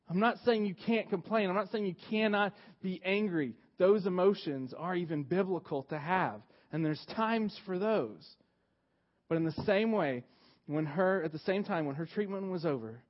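A man preaching from the pulpit with a somewhat high voice. He moves between loud, emphatic pushes and quiet, hushed stretches. The recording sounds dull and lo-fi. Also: normal speed. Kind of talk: sermon.

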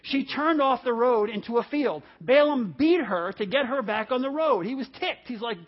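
A male pastor preaching a sermon, animated and storytelling, acting out the voices in the stories he tells. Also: extremely high pitch, normal speed, hardly any pauses. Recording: dull lo-fi audio.

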